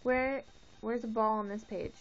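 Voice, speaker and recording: A young mother patiently prompting her toddler through a picture book, with slow sing-song cues and encouraging praise. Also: on the high side, steady tone. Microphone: phone. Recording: muffled phone audio with faint hiss.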